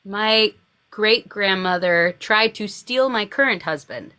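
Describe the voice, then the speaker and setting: A young woman chatting on a livestream, telling lively family stories and laughing often. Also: mid-range voice, slow, clear, resonant tone. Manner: animated storyteller, laughs a lot. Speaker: guest author. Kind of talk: casual chat on a livestream.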